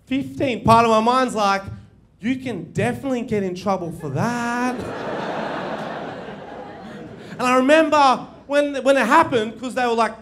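A man's voice: high voice, a bit bright. A young man doing a stand-up comedy set, brash and swearing, laughing at his own jokes. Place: live comedy venue with audience.

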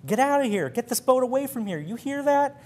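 A man's voice: very high voice, animated, fairly quick, darkish tone, pitched above the performer's own voice. A man voicing an irate older man on a dock, bellowing frantically. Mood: furious.

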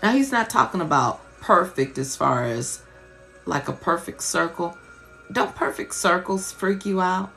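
A woman's voice: low-pitched, very animated, moderate pace, vocal fry, a bit bright, soft background music. A woman preacher giving an impassioned, colloquial teaching sermon on a live stream, repeating rhetorical questions.

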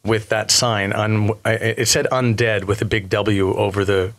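Animated man riffing, lowish voice. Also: measured pace. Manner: animated, laughing, analytical riffing. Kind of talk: casual chat.

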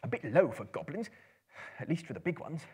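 A man's voice: a little high, big pitch swings, a little fast, darkish tone, breathy edge, voice pushed up, full character voice. A man voicing a small, anxious male hobbit who frets and mutters to himself. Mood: wary.

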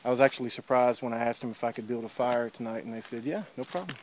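A man's voice: mid-range voice, monotone, fast, a little mellow, a little hiss or hum. Rambling man vlogging on a trail walk. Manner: rambling, many fillers like uh and um. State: a little out of breath. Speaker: hiker filming his trip. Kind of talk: casual walking vlog. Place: outdoors on a wooded river trail. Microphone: handheld camera while walking.

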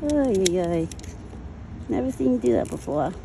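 A woman's voice: mid-range voice, very animated, normal speed, gravelly, background noise. A woman filming outdoors among trees and talking to her pet deer in doting baby talk, laughing often. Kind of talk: casual vlog narration.

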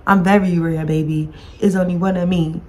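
Her voice sits fairly low and darkish, with fairly even intonation and a normal pace. As a podcast host speaking into her own camera, she delivers a grieving, near-tearful personal monologue that is blunt, profane, and repetitive.

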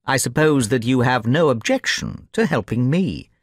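Audiobook part: male narrator doing a confident, playful detective, crisp delivery, dry close mic. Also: mid-range voice, lively intonation, moderate pace, no echo, natural voice. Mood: teasing.

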